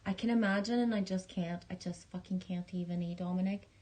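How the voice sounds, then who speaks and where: A woman hosting a casual livestream, reading viewer messages in a halting, rambling way, with many restarts and some swearing and affection for her viewers. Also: on the low side, steady tone, a little mellow. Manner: affectionate, talking straight to viewers. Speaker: livestream host.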